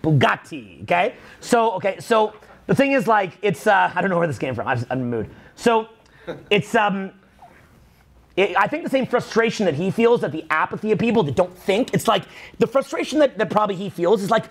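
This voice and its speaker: A middle-aged man with a high, restless voice rants like a coach, cursing freely and leaping into shouted lines. His pitch swings all over as he pushes each point. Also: fairly quick. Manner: animated, swearing, bursts into shouted quotes. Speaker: dating and social skills coach. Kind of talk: profane motivational rant.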